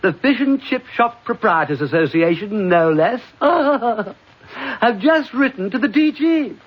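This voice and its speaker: A man's voice: high voice, slightly rough, voice pushed up, full character voice. An actor putting on a gushing, theatrical male colleague, bubbling over with delight in a plummy manner. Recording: dull lo-fi recording.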